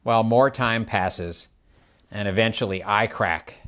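An older man preaching a sermon, explaining slowly and asking the listeners questions as he illustrates with his hands. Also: lowish voice, a bit bright.

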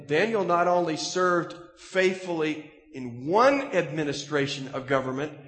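A man preaching a sermon in an animated, emphatic way, his voice climbing at the peaks. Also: on the high side. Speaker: pastor. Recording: echoey hall, reverberant room.

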